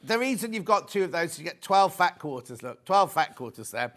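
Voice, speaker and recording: A high-pitched British man presents briskly on a live shopping channel, chattering away excitedly, repeating the prices, and bantering with the crew.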